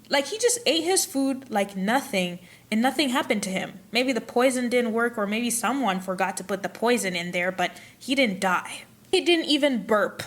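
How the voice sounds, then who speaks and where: Animated young woman telling a story. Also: a little high, normal speed. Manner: animated, dramatic retelling with playful asides. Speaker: history vlogger. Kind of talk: casual storytelling vlog.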